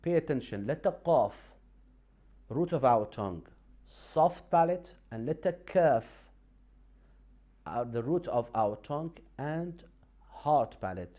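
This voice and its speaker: A man teaching Quran recitation on a TV lesson, explaining pronunciation patiently in a halting way, with many fillers and restarts. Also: medium pitch, expressive, lo-fi sound.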